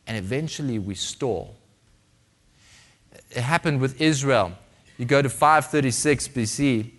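A man preaching a sermon, dramatic, swinging between loud emphasis and hushed, quiet passages. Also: a little high.

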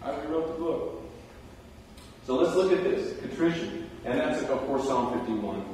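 A man giving a sermon, telling the story in a conversational way with animated asides. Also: medium pitch, moderate pace, a little hiss or hum. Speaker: preacher. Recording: roomy hall, distant mic.

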